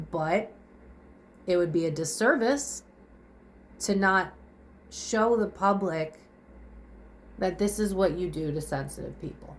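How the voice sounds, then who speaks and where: A young woman vlogger, her voice lowish, talks slowly with long pauses against slight background noise. Crying and out of breath in her kitchen at home, she swears and fires rhetorical questions at the camera in a blunt, raw confessional monologue.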